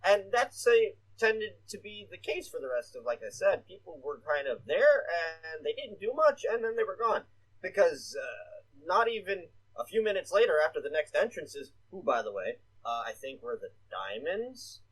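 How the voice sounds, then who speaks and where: A man's voice: high-pitched, very animated, moderate pace, a bit bright, husky, poor audio. A man co-hosting a casual podcast, rambling with lots of "uh" fillers and casual swearing. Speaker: podcast co-host. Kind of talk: casual wrestling podcast chat.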